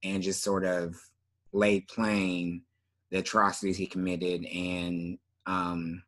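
Deep-voiced man in easy chat. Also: slow. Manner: relaxed, trailing off with fillers. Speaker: podcast co-host. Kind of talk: casual chat.

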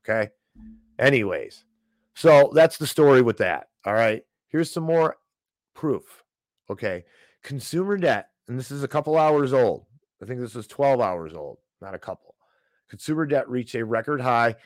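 A man's voice: medium pitch, lively intonation, moderate pace, no echo. A man hosting a financial news show, giving sarcastic, ranting commentary on economic headlines and peppering it with "okay?" asides.

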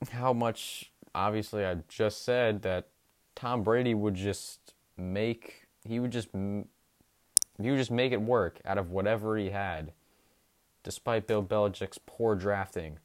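A young man hosting a sports podcast, recapping games in an enthusiastic, emphatic way with drawn-out stresses. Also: lowish voice.

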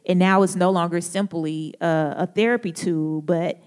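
A woman's voice: fairly low pitch, steady tone, normal speed, a little mellow. Young woman giving a casual devotional talk. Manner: casual and relatable, joking and laughing often. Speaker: speaker at a church or campus gathering. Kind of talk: conversational devotional talk opened with prayer. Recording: echoey hall with long reverb.

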